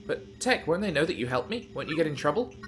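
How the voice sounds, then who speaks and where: A man's voice: a little high, sing-song, fast talker, over music. A man voicing a young captive princess, anxious and kind, asking pleading questions.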